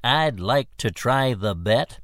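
A man voicing a scrawny, meek little man with a tiny squeaky voice in a told joke. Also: animated, slow pace, a bit bright, no echo, studio quality.

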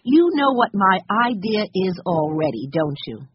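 A woman's voice: lowish voice, big pitch swings, normal speed, slight background noise. A woman voicing an enthusiastic older brother who leads the others with an encouraging manner, in a storybook reading. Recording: slightly muffled recording.

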